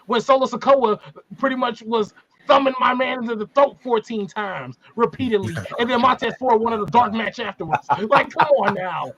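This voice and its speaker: A man's voice: very high-pitched, moderate pace, muffled recording, a crowd in the background. A man hosting a casual wrestling podcast, talking emphatically and ranting with rising volume. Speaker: podcast host.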